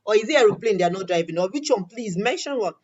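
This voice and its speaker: A woman hosting an interview, telling a story in lively, acted-out dialogue. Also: mid-range voice, fast talker, slightly rough. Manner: animated, quotes others in acted-out dialogue. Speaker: interview host. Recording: dull lo-fi audio.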